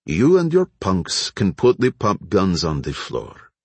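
A man's voice: low-pitched, huge pitch swings, measured pace, breathy edge, no echo, heavily acted. A man voicing a volatile, threatening crime boss in an audiobook, with a blustering, swaggering delivery. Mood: smug.

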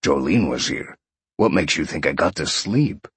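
A man's voice: a bass voice, expressive, moderate pace, a bit bright, slightly rough, dry recording, voice pushed down, full character voice. A man voicing an earnest young male student who talks firmly and practically, in audiobook narration. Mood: rumbling.

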